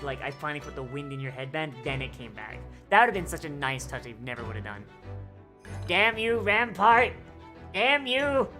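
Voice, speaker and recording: A young woman streaming a video game, reading its dialogue aloud in playful voices and joking with crude swearing. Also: rumbling low. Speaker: VTuber streamer. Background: game music.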